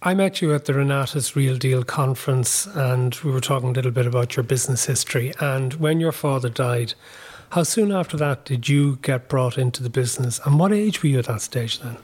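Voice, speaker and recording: A man's voice: medium pitch, brisk, a little mellow, breathy edge. Conversational male interview host. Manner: conversational, long framing questions. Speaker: podcast host. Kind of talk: interview questions.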